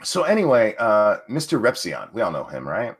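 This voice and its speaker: Blunt low-voiced male podcast host. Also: wildly swooping pitch, moderate pace, husky. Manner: reads tweets aloud, then rants bluntly with profanity. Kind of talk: casual podcast chat.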